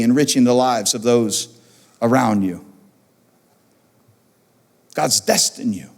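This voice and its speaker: A man preaching as pastor, animated and repeating phrases for emphasis, in a church auditorium. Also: medium pitch. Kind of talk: sermon. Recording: long church hall reverb.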